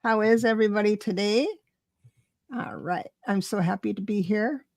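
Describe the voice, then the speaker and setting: A woman's voice: medium pitch, steady tone, normal speed, no echo, clean studio sound. A woman hosting a live stream, chatting casually and greeting viewers by name. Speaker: livestream host.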